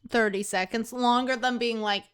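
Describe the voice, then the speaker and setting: A young woman co-hosting a casual podcast chat, rambling and halting with lots of fillers and restarts. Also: on the high side, steady tone, fairly bright tone, clean tone. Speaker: podcast co-host.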